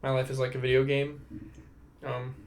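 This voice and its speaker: A tired young man hosting a casual solo podcast, rambling and self-deprecating, drifting between topics and often trailing off into a low mumble. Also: monotone, moderate pace, slight background noise. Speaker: podcast host.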